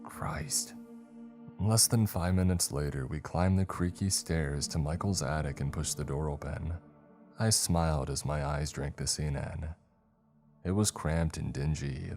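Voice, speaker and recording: A man narrating a first-person horror story in a measured, atmospheric way. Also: very deep voice, a little mellow. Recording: faint music underneath.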